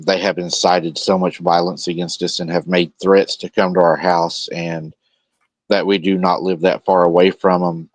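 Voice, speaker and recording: A man with a very low voice hosts a casual livestream, mocking the person in the clips with sarcastic remarks. The sound is dry and close to the mic. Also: no echo. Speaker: stream host.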